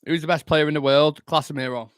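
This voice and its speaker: A young man from Manchester, England, hosts a casual football watchalong livestream for a fan channel, swearing and bantering with his chat. He's right up on the mic, practically eating it. His voice is high-ish, steady, quick and smooth.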